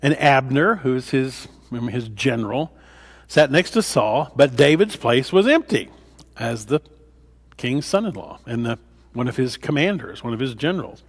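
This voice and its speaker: A man's voice: medium pitch, expressive, normal speed. A man, a pastor, leading a Bible study in a conversational way, with fillers and restarts, acting out the scripture dialogue. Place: church.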